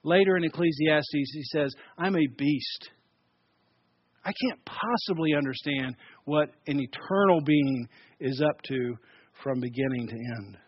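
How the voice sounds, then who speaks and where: Pastor guy preaching, high voice, swings loud then quiet, stammers repeats, dry dull sound. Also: measured pace, breathy edge, no echo. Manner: emphatic, shifts between loud and soft, repeats words. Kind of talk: sermon.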